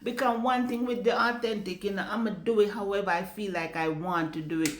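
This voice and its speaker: A woman's voice: medium pitch, fairly even intonation, brisk, roomy sound, a little hiss or hum. A Jamaican woman speaking bluntly in a casual vlog rant, swearing freely and slipping into patois. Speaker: vlogger. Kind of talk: casual ranting monologue.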